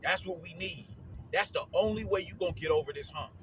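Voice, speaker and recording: A man talking through a boxing card in casual solo commentary, with a slightly higher voice than most men. His delivery is slangy and animated, full of repeats and fillers. A faint hiss of noise runs underneath. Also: brisk.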